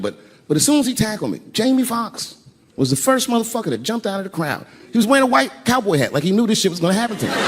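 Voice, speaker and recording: An older man telling a profane, animated stand-up story on an arena stage, acting out voices as the crowd laughs. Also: high voice. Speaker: stand-up comedian. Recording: live arena recording with crowd noise. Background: crowd laughing and cheering.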